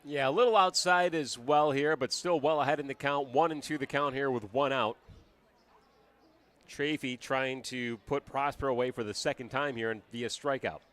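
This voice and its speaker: A man giving baseball color commentary on radio, measured and full of stats. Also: mid-range voice, a bit bright. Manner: measured, stat-heavy analysis.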